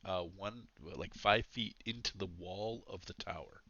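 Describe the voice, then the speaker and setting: A man with a low, gravelly voice guides the party as dungeon master, thinking aloud with loose fillers. His tone has a bright edge, and the recording is dry and somewhat dull. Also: unhurried, no room sound. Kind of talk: running a tabletop game over voice chat. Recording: dull lo-fi mic audio.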